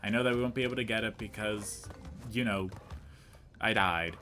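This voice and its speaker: Young man, low voice, casual gameplay commentary, rambling, self-mocking, faint music behind. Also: normal speed, bright, forceful tone. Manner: rambling storyteller, chatty and self-mocking, talks to the game. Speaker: let's play commentator.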